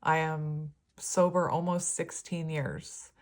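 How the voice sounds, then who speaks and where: A woman's voice: low-pitched, fairly even intonation, slow pace. A woman giving a casual, rambling tarot reading, her words slightly slurred. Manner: rambling, chatty, laughs often. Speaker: tarot reader.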